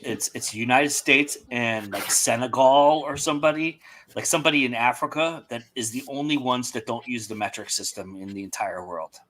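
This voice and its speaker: Bright energetic guy hosting a chill video call hangout, gets animated. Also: mid-range voice, moderate pace, a little hiss or hum. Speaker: livestream host. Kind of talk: casual group chat.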